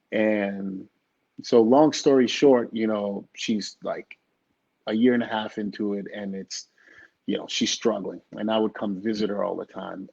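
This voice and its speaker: A middle-aged man, a guest in an interview, telling a personal story in an animated way and acting out the dialogue. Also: on the low side, gravelly, husky. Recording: dull lo-fi recording.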